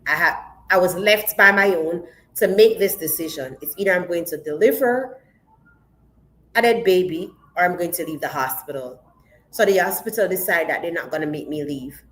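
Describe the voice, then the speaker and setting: A woman's voice: on the low side, normal speed, fairly bright tone, rough recording. A woman pastor sharing a personal testimony in an interview, telling it vividly and with emotion and acting out the dialogue.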